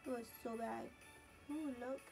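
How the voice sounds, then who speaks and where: A high-voiced teenage girl chats her way through a makeup tutorial, calling out each step as she works. Her pitch stays fairly level, and soft music plays underneath. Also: fairly even intonation, measured pace. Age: teens. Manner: chatty, narrates each step as she goes. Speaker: beauty vlogger.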